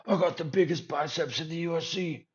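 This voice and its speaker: A man's voice: a little high, fairly quick, dull audio, pitched above the performer's own voice, close to an everyday voice. A man impersonating a boastful young male fighter who hypes himself up in a brash, chanting way. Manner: brash, chanting, self-promoting.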